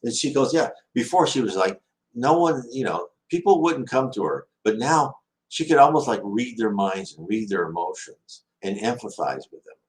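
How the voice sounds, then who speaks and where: A very animated host with a medium-pitched voice answers viewer questions at a normal speed in a rough recording. He tells casual stories in a rambling way, restarting often and acting out the quotes.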